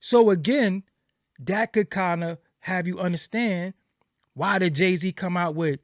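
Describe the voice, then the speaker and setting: A man with a somewhat high voice gives casual commentary as an interviewer. He talks emphatically and repeats his points for weight. The sound is dry and close. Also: a little slow, dry recording. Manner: emphatic, repetitive, acts out quoted reactions.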